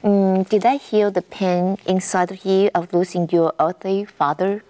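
A woman interviewer asking gentle probing questions. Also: mid-range voice, fairly even intonation, a little slow.

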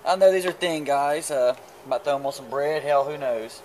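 A man's voice: on the high side, moderate pace, a little mellow, slight background noise. A man chatting casually while cooking outdoors at a grill, crude and joking, stumbling over his words. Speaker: cooking vlogger. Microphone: camera mic.

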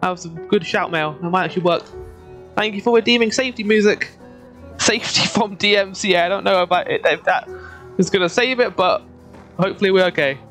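A woman's voice: on the low side, fast talker, fairly bright tone. A young woman chatting casually over her gameplay, laughing often and talking back to the game and her chat. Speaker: streamer. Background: faint game music.

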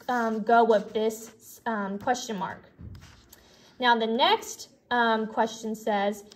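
A young woman teacher giving a friendly, explanatory lesson to young students, with frequent fillers and restarts. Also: a little high. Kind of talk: recorded elementary classroom lesson.

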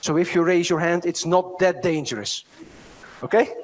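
High-voiced Dutch man giving a keynote. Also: normal speed, slight background noise. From Netherlands. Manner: storytelling, asks the audience "right?" often. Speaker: keynote speaker. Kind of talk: conference keynote talk.

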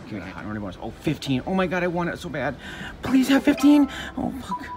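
A man's voice: mid-range voice, racing. Man cursing at a slot machine. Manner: profane, excitable, cursing at the machine; teasing, jokey asides. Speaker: slot machine gambling vlogger. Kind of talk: live commentary while playing slots. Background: loud slot machine music and chimes.

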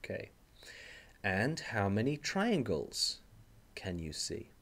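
A man teaching a recorded slide lecture, explaining step by step and often checking in with "okay?", slowing down on key terms. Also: fairly low pitch, huge pitch swings, a bit bright. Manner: speaks slowly on key terms. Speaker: language teacher trainer.

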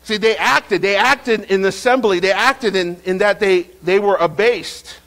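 A man preaching a sermon as pastor, lively and repetitive, with frequent restarts. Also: high-pitched, unhurried, poor audio.

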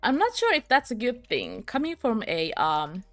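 A young British woman streams a game, chatting with viewers in live commentary, giggling often and mocking herself. Her fairly high voice swings hugely in pitch, with a fairly bright tone, moderate pace, and faint music behind.

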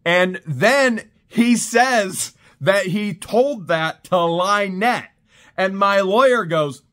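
A channel host with a high-pitched, slightly bright voice recaps events very slowly in a casual vlog. He tells it animatedly, laughing and exclaiming along the way.

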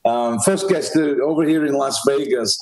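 A man's voice: medium pitch, normal speed, a little mellow, poor audio. A man from England, hosting a podcast interview in a chatty, upbeat way. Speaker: podcast host. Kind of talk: casual interview chat.

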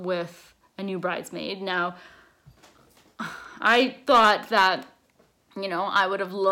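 A young woman talking to her camera in a casual vlog, halting and emotional, with many restarts. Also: mid-range voice. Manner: tired, quiet late-night talk. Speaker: vlogger, bride-to-be.

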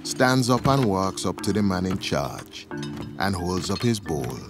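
A man's voice: sits low, very animated, unhurried, music in the background. A man narrating a scripted story in the second person, in a dramatic storytelling manner.

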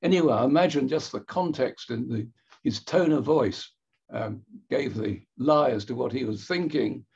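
A man giving an illustrated history talk with slides, measured and wry, pausing and correcting himself as he goes. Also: medium pitch, creaky, a little mellow, husky, muffled recording.

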